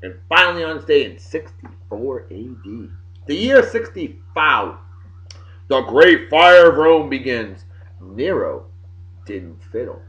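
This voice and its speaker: A man from Massachusetts, running through historical events of the day in a loud, jokey, opinionated way. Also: mid-range voice, sing-song, slow, low-quality recording. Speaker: video blogger. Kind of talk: casual daily history rundown.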